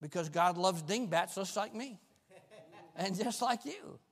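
A male pastor preaching a fervent sermon with folksy, self-mocking humor, swinging between shouts and quiet talk. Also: sits high, animated, slow pace, slightly rough. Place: church sanctuary. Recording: long reverb of a church hall.

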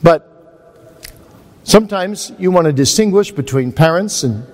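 A man's voice: on the high side, animated, unhurried. A man giving a conversational, anecdotal teaching sermon at a seminar, speaking with a self-deprecating manner. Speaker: preacher at a seminar. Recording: long hall reverb.

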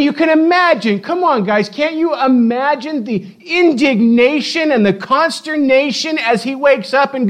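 A high-pitched male pastor gives a lively sermon, retelling the story with playful energy. His voice sits high, and he slips into acted-out quotes as he goes. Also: a little slow, few pauses.

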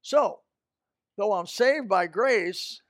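A man preaching a sermon in an emphatic style, swinging between loud outbursts and quiet, low asides. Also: expressive, extremely slow, dry recording, clean studio sound.

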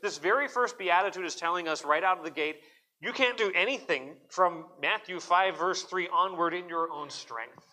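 A man's voice: high voice, moderate pace, sharp tone. A pastor preaching a sermon at a church service in an earnest, emphatic way, often repeating words as he presses a point.

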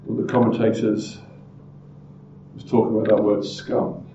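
A man preaching a sermon as pastor, emphatic and full of rhetorical questions, often swinging from loud to hushed. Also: lowish voice, level tone, normal speed, echoey room, highs cut off, background noise.

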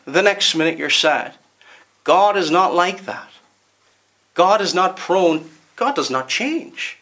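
A man with a Northern Irish accent preaching a sermon in an earnest, emphatic way, slowing down to stress key words. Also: on the high side, pushed and bright.

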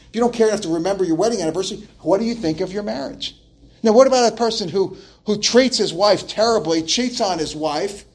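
High-voiced emphatic male preacher. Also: husky. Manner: emphatic, repeats words and restarts, rhetorical questions. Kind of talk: expository sermon.

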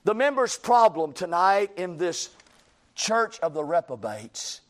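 A man's voice: high-pitched, big pitch swings, unhurried. A man preaching a sermon in a folksy, emphatic way, repeating phrases and quoting imagined critics.

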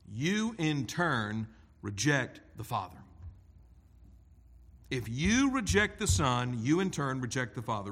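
A man preaching an expository sermon in a deliberate, emphatic way. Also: mid-range voice, fairly bright tone. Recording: long hall reverb.

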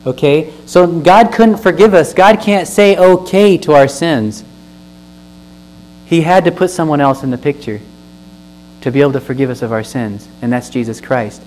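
A man's voice: on the high side, moderate pace, darkish tone, poor audio. A man gives a sermon, reading verses aloud and then teaching from them in an earnest voice. He stresses key words and asks his listeners questions. A faint mains hum sits under the recording. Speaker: pastor.

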